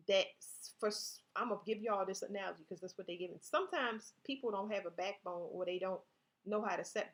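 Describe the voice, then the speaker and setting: A woman giving a casual tarot reading, talking straight to her viewers, reading card text aloud and often restarting her sentences. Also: mid-range voice. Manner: conversational, restarts often, speaks directly to viewers. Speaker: tarot reader.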